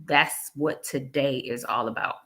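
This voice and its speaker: A woman talking in a casual interview, animated, laughing often and repeating her phrases. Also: rumbling low, unhurried. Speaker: guest, executive director.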